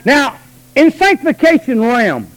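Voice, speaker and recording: A high-pitched male preacher, delivering a sermon. He talks quickly and low in his asides, then climbs into long, shouted, stretched-out lines. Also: sing-song, rough recording. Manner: swings from low talk to high shouted calls.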